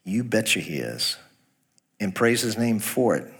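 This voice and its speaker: A man's voice: lowish voice, big pitch swings, a little slow, vocal fry, fairly bright tone, husky. A male pastor preaching a sermon, asking the congregation direct questions, reading scripture aloud and making folksy jokes. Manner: folksy, jokes about a Texas accent.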